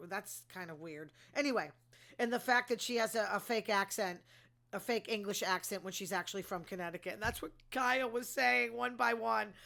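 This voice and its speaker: A chatty woman with a bright, sharp-edged voice, talking in a loose, gossipy way. She is opinionated and wanders off into asides, with plenty of fillers as she hosts her own recap show. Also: mid-range voice. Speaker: host recapping reality TV. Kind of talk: casual gossipy commentary.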